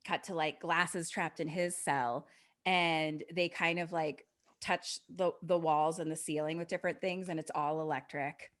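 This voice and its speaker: Bright-voiced woman telling a story. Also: deep voice, a little slow. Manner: animated, profane storytelling with acted-out voices. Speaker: podcast co-host. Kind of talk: casual chat retelling a TV episode. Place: live event stage.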